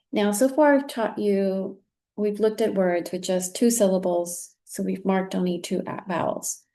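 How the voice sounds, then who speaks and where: Female teacher trainer, mellow and patient, encouraging classroom delivery. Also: medium pitch. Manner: patient, encouraging, with frequent "very good". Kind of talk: recorded teaching demonstration.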